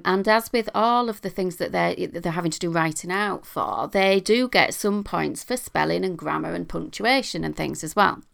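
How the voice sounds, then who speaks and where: A middle-aged woman with a British accent hosts a podcast in a casual, chatty monologue, full of ums and asides. Her voice sits a little low, smooth and resonant with a gravelly edge. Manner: chatty, frequent ums, self-deprecating humour. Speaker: podcast host.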